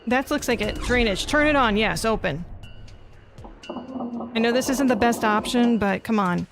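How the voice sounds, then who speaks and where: Her voice sits on the high side and she speaks a little slowly, with music playing behind her. Streaming a horror game, she narrates its text aloud, talks to herself, and curses at the game as she panics.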